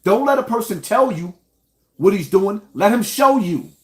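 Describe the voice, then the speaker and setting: Man from New York, fairly high voice, indignant direct-to-camera commentary. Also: lively intonation, normal speed. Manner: indignant, addresses viewers directly. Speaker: online show host. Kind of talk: commentary rant.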